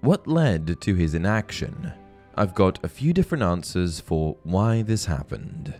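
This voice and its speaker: A man hosts a book-theory channel, reading scripted narration with clear, measured storytelling and expressive emphasis. His voice is low-pitched, and faint music plays behind him.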